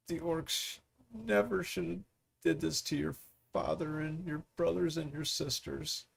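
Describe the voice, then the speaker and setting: Man doing a clingy grieving innkeeper mom, soft, pleading, gravelly. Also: mid-range voice, natural voice. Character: grieving motherly innkeeper woman, clingy and tearful.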